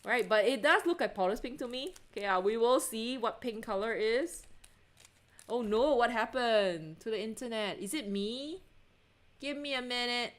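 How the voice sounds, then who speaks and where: Giggly excitable woman livestreaming. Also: on the high side, normal speed. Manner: chatty and excitable, lots of self-interruptions and giggles; asks viewers to check things, answers chat. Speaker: artist livestream host. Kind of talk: casual livestream chat.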